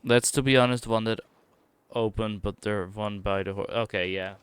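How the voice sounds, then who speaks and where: This lowish male voice stays steady and clean, captured in a dry recording. He streams a game with casual commentary, musing aloud, reacting fast while exploring, and reading dialogue out.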